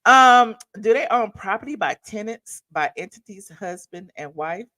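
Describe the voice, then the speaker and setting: A woman's voice: medium pitch, animated, normal speed, sharp tone. A woman with a Southern accent hosts a live stream. She talks in a chatty, folksy way, calls people "honey", and breaks down legal papers for her viewers as she reads them out. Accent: Southern American. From American South. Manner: folksy, chatty, reads court filings aloud and explains them. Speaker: livestream host. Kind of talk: casual commentary on legal news.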